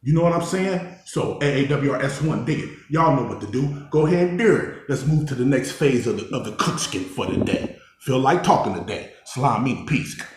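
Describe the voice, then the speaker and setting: A man's voice: mid-range voice, fairly quick. Streetwise man in an echoey room. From Oakland, California. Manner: animated, streetwise, heated when retelling confrontations. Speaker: cooking vlogger telling prison stories. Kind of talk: casual storytelling while cooking. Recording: very echoey room, faint noise.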